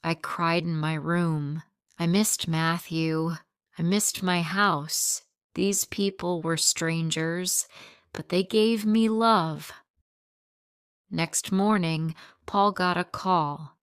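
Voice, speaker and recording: A woman narrating a simple audiobook story for English learners in short, steady, plain sentences. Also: fairly low pitch, slow, clear, resonant tone, no echo, clean studio sound.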